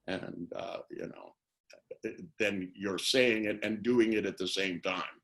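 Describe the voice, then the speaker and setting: A creaky, slightly bright voice on the low side comes from an older NLP trainer interviewed during a casual webinar. Speaking at a measured pace over video, he meanders through anecdotes and plays out quoted phrases.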